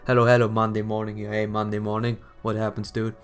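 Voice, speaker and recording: A low-voiced man with a hoarse, worn voice chats casually with viewers while streaming a game. He sounds relaxed and friendly, and faint music plays underneath. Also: a little fast. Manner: laid-back, chatty with viewers. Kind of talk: casual live stream commentary.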